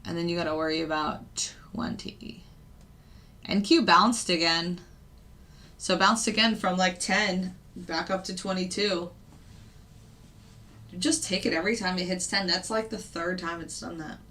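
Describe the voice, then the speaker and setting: A woman's voice: on the low side, fairly even intonation, unhurried, long pauses, bright, forceful tone, slight background noise. A woman trader giving casual live commentary on the markets, thinking aloud with fillers and the odd laugh. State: hiccups. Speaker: futures day trader and channel host.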